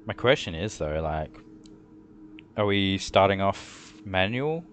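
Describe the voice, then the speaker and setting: Low-voiced young man chatting while streaming. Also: very animated, slow, a little hiss or hum. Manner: rambling, chatty, laid-back. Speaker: gaming streamer. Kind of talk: casual live-stream commentary.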